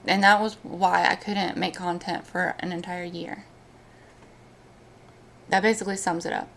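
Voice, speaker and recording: A woman talking on a live stream in casual chat, speaking emotionally, with halting restarts. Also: on the low side, flat delivery, vocal fry, a bit bright, slight background noise.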